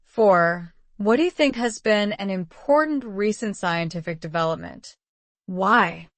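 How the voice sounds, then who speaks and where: A woman reading out model exam answers in an even, polished, measured way. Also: medium pitch, dry recording. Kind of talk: scripted reading of sample answers.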